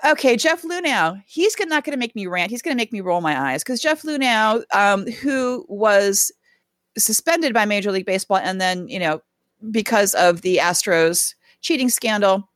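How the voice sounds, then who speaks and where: A woman co-hosting a casual sports podcast, talking in an animated, sarcastic ranting manner. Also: mid-range voice, normal speed, dry recording, clean studio sound. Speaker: podcast co-host.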